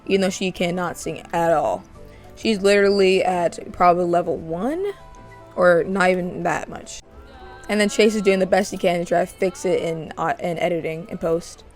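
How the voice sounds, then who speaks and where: A woman's voice: on the low side, normal speed, soft background music. A woman casually narrating a life-simulation game in a chatty, amused way. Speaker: let's play narrator.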